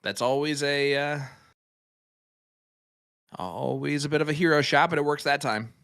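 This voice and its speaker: A man's voice: fairly high pitch, a little slow, a bit bright, smooth. A man commentating live darts, calling throws and joking with his co-commentator. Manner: joking, banters with co-host.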